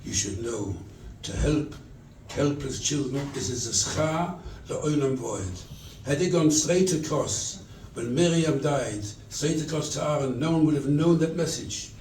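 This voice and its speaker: A rabbi from England giving a sermon at a charity event, telling stories and acting out the dialogue. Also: male voice, a little high, measured pace, few pauses, darkish tone, a little hiss or hum. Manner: storytelling, quotes scripture and acts out dialogue. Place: event hall. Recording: echoey room, distant mic.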